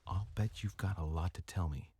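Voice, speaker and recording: An actor playing a young nobleman who muses over his mother's letters in a measured way. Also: deep voice, noisy background. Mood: musing. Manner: measured, musing. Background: game music.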